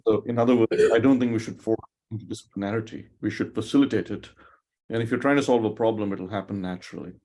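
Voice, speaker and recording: Low, mellow-voiced man, measured. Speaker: panelist. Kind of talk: webinar panel discussion.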